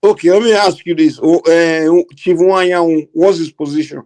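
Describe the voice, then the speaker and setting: A fairly high-voiced man with a Nigerian Yoruba accent hosts a heated political talk. He speaks bluntly and with open indignation, moving between Yoruba and English. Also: steady tone, moderate pace, darkish tone. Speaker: host.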